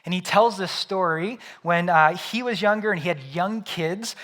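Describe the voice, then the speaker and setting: A young man, a pastor, preaching a sermon in a conversational way, often tossing in "right?" and moving between lively storytelling and quiet reflection. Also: high-pitched, normal speed. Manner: builds loud through storytelling, drops quiet and soft for reflection.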